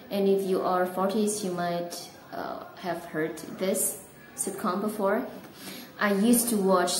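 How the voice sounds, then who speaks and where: A woman who speaks English with an Indonesian accent gives a relaxed, chatty video lesson on learning English, laughing at herself now and then. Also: fairly low pitch. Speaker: English teacher. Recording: echoey room with clear background noise.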